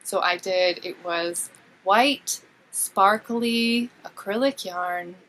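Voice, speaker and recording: A woman's voice: medium pitch, drawn-out words, a bit bright, a little hiss or hum, rough recording. A woman guest who dyes yarn, chatting casually in an easygoing, self-deprecating way. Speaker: podcast guest, yarn dyer. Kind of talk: casual chat.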